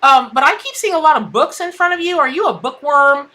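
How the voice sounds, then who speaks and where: A woman's voice: high voice, expressive, fairly quick, sharp tone. A woman hosting a live tarot stream, chatting in a bubbly way and greeting viewers by name. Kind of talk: casual live-stream chat.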